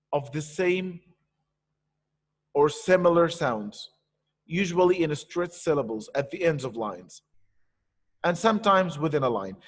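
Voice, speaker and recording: A man teaching an online poetry lesson, patiently explaining and repeating key points. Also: on the high side. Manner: patient, explains slowly with repetition. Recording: echoey room with long reverb.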